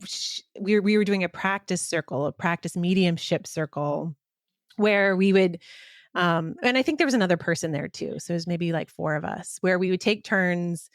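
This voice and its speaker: A woman co-hosting a podcast who talks in a casual, rambling way and often pauses to search for her words. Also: lowish voice, no echo, clean studio sound. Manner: rambling, hesitant, many fillers and restarts. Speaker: podcast co-host.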